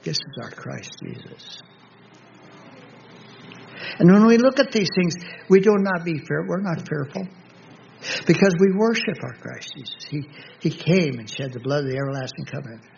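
A man preaching a Bible study sermon, reading scripture aloud slowly and pausing often to restart his thoughts. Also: fairly high pitch, lively intonation, vocal fry, darkish tone. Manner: slow, halting, with many restarts and fillers; reads scripture aloud in a slow, measured voice. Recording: dull lo-fi recording with faint background noise.

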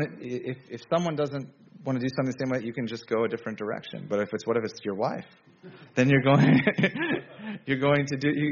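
A man preaching a sermon to a congregation in a relaxed, conversational way, often restarting his sentences. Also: mid-range voice, dull audio. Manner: conversational, self-correcting, with frequent restarts.

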